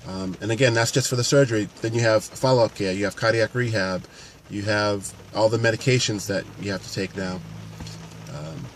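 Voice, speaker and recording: Earnest lower-voiced man talking to camera. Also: fairly even intonation, fairly quick, slight background noise. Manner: earnest, unscripted, many restarts. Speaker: paramedic and fitness coach. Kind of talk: casual talk to camera.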